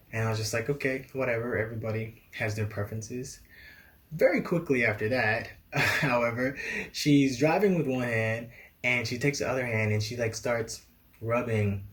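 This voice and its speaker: Young man telling a travel story. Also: on the low side. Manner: animated, laughs often, acts out quoted dialogue. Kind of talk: storytime vlog.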